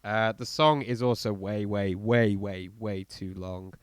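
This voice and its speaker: A man co-hosting a podcast, talking in a casual, blunt and animated way with many fillers and restarts as he reviews an album. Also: lowish voice, measured pace, clear, resonant tone, no echo. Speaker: podcast co-host.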